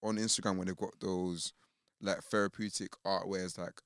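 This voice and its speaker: A man's voice: sits low, normal speed, clean tone, no room sound, studio quality. A young man, co-hosting a casual podcast chat and telling stories with lots of fillers and laughs. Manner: animated storytelling with frequent fillers and laughs. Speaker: podcast co-host.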